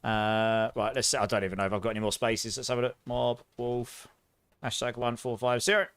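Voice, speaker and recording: A man's voice: mid-range voice, level tone, brisk, a bit bright, clean tone, no room sound. A young man hosting a live game stream, chatting upbeat with viewers and calling out giveaway winners. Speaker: streamer host.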